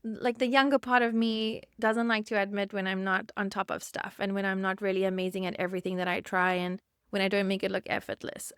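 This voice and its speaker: In a dry, clean studio recording, a South African woman in her thirties speaks with a smooth, medium-pitched voice. She is a therapist hosting her podcast solo, delivering a candid personal monologue. Emotion gets the better of her; she's choked up and close to tears, with soft laughter breaking through.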